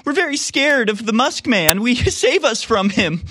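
Man doing a high, shrill voice, panicky whiner, mocking, easily frightened. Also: sing-song, normal speed, noisy background. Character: panicky whiny male critic, easily frightened.

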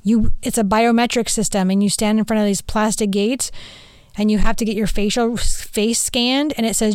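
A woman hosting a podcast in casual, animated chat who swears freely. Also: medium pitch, moderate pace, clear, resonant tone, no echo. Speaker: podcast host.

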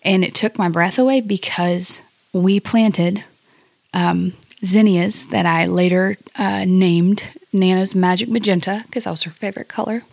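A middle-aged woman, a podcast guest, speaking reflectively and haltingly in a personal conversation. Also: lowish voice, fairly even intonation, vocal fry, darkish tone, no echo. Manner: reflective, halting, with many fillers and restarts. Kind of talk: personal conversation about grief.

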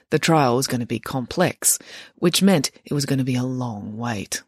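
An audiobook narrator, reading a story in an expressive, wry way. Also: medium pitch, moderate pace, breathy edge, dry recording, clean studio sound.

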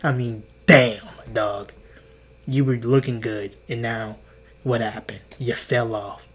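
Speaking slowly with fairly even intonation, a young man in his twenties uses a mid-range voice to host his podcast. His storytelling monologue is casual, rambling and profane, full of restarts and acted-out quotes.

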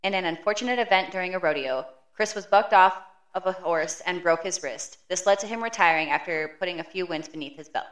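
A woman co-hosts a true crime podcast and reads out a prepared summary of the case. Her voice sits a little low, and her storytelling stays steady and matter-of-fact. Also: brisk. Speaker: podcast co-host.

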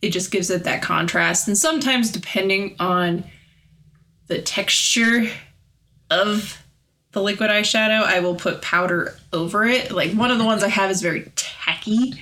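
A woman's voice: medium pitch, moderate pace. Young woman co-hosting a casual chat. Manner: relaxed, lots of "like", detailed explanations. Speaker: podcast co-host.

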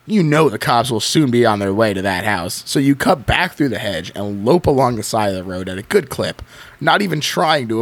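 A man hosting a podcast, reading a choose-your-own-adventure book aloud in an expressive way and breaking off to chat. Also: mid-range voice, no echo. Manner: expressive reading with frequent laughs. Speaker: podcast host.

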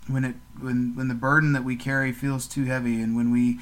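Man, average pitch, earnest podcast co-host, halting prayer with repeated words. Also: flat delivery. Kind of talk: casual chat and spoken prayer.

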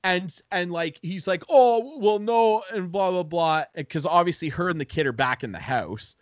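Animated man telling a story on a podcast. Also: on the high side, normal speed, no echo, lo-fi sound. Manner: animated storytelling, acting out quoted people, profane. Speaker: podcast host. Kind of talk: casual podcast chat.

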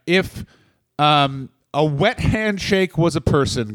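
A man's voice: on the high side, lively intonation, takes it slowly, fairly bright tone, no room sound. A man in his thirties co-hosting a comedy podcast, ranting in casual chat with profane bursts of mock outrage. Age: 30s.

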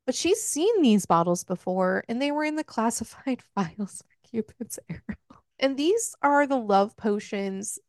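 A woman's voice: a little high, lively intonation, unhurried, no room sound, clean studio sound. A woman hosting a book club podcast, casually retelling a story with swearing and jokes. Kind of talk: casual book recap chat.

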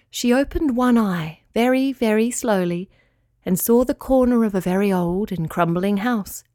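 Woman, bedtime story narration, soft and gentle, dry close sound. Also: medium pitch, no room sound.

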